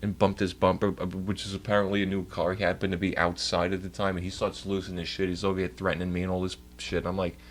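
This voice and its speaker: Young male streamer, profane storyteller, slightly low voice, loose casual delivery. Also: monotone, fast, hardly any pauses, slight background noise. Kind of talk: casual chat.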